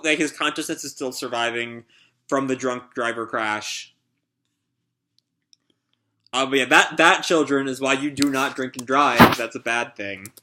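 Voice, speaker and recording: A man's voice: mid-range voice, bright, forceful tone. A man reading a manga chapter aloud and reacting live, chatty, with frequent fillers and laughs. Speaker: online video creator reacting to a manga.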